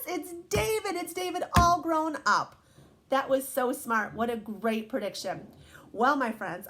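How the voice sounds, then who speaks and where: Woman, high voice, lively pitch, picture book read-aloud for kids, asks the children questions. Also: a little hiss or hum. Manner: warm, animated, questions to young listeners. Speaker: teacher reading aloud to children.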